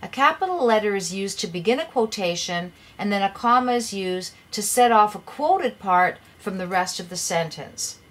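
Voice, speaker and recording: A woman's voice: medium pitch, animated, normal speed, few pauses. A woman teaching an English grammar lesson, patiently explaining rules and reading example sentences aloud with emphasis.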